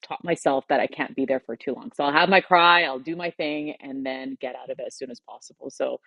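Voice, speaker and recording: A woman guest on a podcast, telling a personal story in a heartfelt way, pausing and choking up at times. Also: very deep voice, gravelly, a bit bright, no room sound, dull audio. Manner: heartfelt, pauses and chokes up while recounting.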